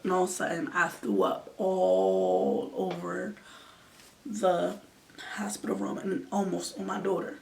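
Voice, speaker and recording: In a flat, creaky, mid-range voice, a woman in her twenties tells an emotional storytime at a measured pace as a vlogger. She's earnest and sometimes near-whispering, recorded from a distant mic with faint background noise.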